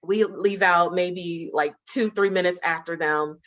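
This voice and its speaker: A woman telling how she met her partner in a casual interview, animated and laughing as she goes. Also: lowish voice, unhurried. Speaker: interview guest.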